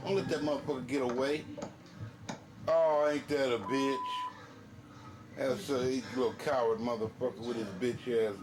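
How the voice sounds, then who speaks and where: A man hosting a reaction video, ranting in profane, animated casual commentary. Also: medium pitch.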